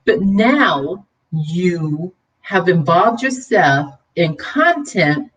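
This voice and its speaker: A woman hosting a casual livestream, preaching and scolding with conviction, then turning chatty and laughing with her viewers. Her voice sits a little away from the microphone, so it sounds slightly distant. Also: on the low side. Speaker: vlog host. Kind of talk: livestream commentary.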